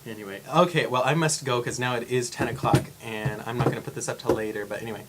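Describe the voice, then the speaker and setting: A man's voice: mid-range voice, fairly even intonation, fast, very noisy. A young man rambling in a casual vlog from his room, laughing often and acting out what people say. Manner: rambling and chatty, laughs often, acts out quotes. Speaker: vlogger. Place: home room indoors. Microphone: camera facing speaker.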